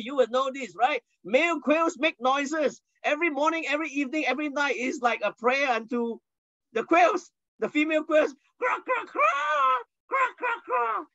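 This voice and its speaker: A man's voice: extremely high pitch, no echo, highs cut off. A man teaching a Bible lesson as a pastor, telling stories with energy and asking the listeners questions. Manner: animated storyteller, asks the listeners questions. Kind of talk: sermon teaching.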